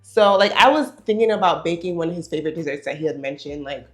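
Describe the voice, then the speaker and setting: A young woman vlogger telling a dating story, animated, laughing and full of fillers. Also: low voice, fast, faint music behind. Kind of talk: storytelling while getting ready.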